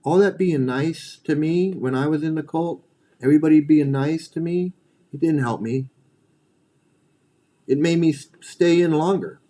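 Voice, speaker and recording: A man's voice: on the high side, normal speed, mellow. A middle-aged man hosting a livestream, ranting bluntly and profanely, often repeating and restarting his phrases. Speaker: livestream host.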